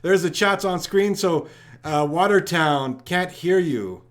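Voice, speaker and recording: A man hosting a live trivia stream, rattling off viewers' locations and shout-outs in an upbeat way. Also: high-pitched, slow pace. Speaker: trivia livestream host.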